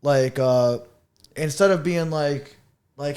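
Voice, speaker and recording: A young man hosting a podcast, talking in a casual, slangy, animated way and acting out lines he quotes. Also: mid-range voice, measured pace. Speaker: podcast host.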